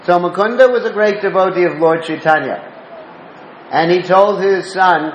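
A man's voice: fairly high pitch, lively intonation, brisk, slight background noise. A man giving a devotional talk, telling stories and asking listeners questions. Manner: asks the listeners questions, storytelling. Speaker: spiritual teacher. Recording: roomy dull lo-fi recording with faint ambience.

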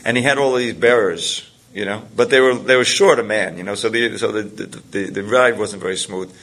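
A man's voice: fairly low pitch, normal speed, fairly bright tone. A man telling a scripture story in a rambling way, with many restarts and chuckles. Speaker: spiritual teacher. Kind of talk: storytelling talk to a group.

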